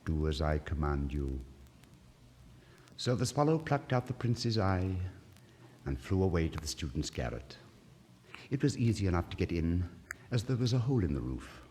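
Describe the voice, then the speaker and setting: A man with a fairly low voice reads a fairy tale aloud, making his pitch rise and fall dramatically. The recording is an old vinyl one with a long hall reverb. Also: moderate pace, slight background noise. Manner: expressive, theatrical storytelling. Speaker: narrator. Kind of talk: storybook reading.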